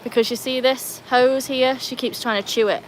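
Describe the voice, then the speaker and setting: A woman's voice: fairly even intonation, moderate pace, slight background noise. Chatty woman livestreaming by her pool. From Wales. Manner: chatty, scolds and cheers the dogs in a high sing-song. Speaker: livestream host. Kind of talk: casual livestream chat with viewers. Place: outdoors by a backyard pool.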